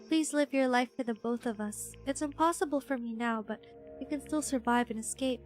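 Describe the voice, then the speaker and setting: A woman voicing a gentle, earnest male computer program in a game, speaking quietly and analytically. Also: high-pitched, normal speed, faint music behind, natural voice.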